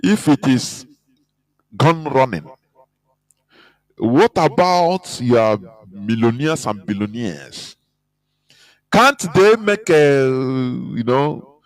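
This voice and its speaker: A man's voice: medium pitch, very animated, takes it slowly, rough recording. A man giving an impassioned, scornful radio talk, emphatic and mocking. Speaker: radio broadcaster.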